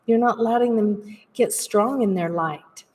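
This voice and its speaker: A woman's voice: on the high side, unhurried, darkish tone, distant mic. A woman giving a casual, rambling spiritual talk in an earnest way as a practitioner. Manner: rambling, earnest, laughs while telling stories.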